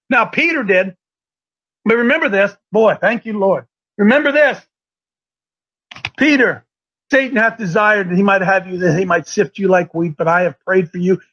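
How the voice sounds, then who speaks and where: Male pastor-host, very high bright voice, impassioned preacher who swings between hush and shouting. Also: lo-fi sound. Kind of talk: fervent preaching on a talk show.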